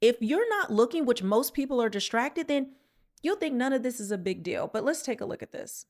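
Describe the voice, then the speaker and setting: A woman's voice: a little high, sing-song, a little fast, darkish tone. A woman hosting her channel, talking straight to viewers with earnest urgency and sarcasm. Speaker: channel host. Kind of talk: alarmed commentary to viewers.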